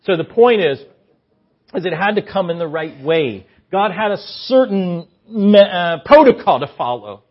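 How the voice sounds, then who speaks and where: Animated high-voiced male preacher, muffled. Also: a little slow. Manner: chatty, joking asides. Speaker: guest preacher. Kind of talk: conversational sermon. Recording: muffled lo-fi sermon recording.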